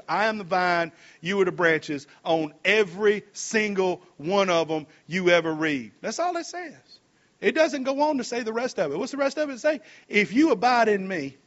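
A man preaching a sermon, reading scripture slowly and adding folksy comments between verses. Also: sits high, fairly bright tone, dull audio. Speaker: pastor.

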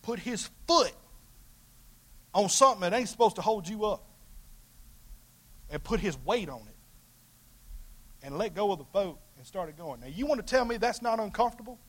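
A man preaching a sermon as pastor in a folksy, colloquial way, swinging between loud emphatic calls and hushed asides. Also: sits high, animated, moderate pace, pauses often.

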